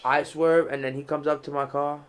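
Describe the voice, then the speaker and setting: His voice sits a little high, smooth and brisk with a flat delivery. The young man hosts a casual podcast chat, rambling through profane stories with frequent restarts.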